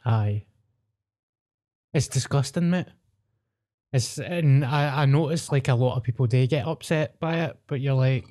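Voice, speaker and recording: A man's voice: mid-range voice, mellow. A young man talking bluntly and mockingly in casual, sweary podcast chat.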